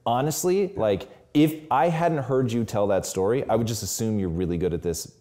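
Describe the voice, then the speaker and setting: A man's voice: medium pitch, normal speed, warm tone. A man hosting an interview, asking questions in an admiring, conversational way. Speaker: host.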